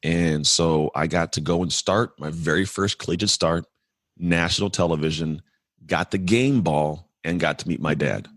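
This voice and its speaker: With a deep, fairly bright voice and clean studio sound free of room noise, a Californian man in his forties shares his life story on a podcast. He's earnest and reflective, his words tumbling out quickly with restarts.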